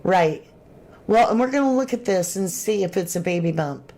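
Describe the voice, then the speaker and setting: A woman's voice: mid-range voice, normal speed. A woman hosting a true crime livestream, chatting casually and reading viewer comments aloud. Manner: chatty, animated, Southern-tinged slang.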